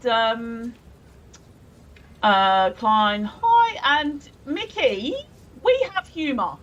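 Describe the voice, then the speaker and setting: A woman's voice: high voice, fairly bright tone, dull audio. A woman co-hosting a casual live stream, giggling often as she reads viewers' messages aloud. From England. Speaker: stream co-host.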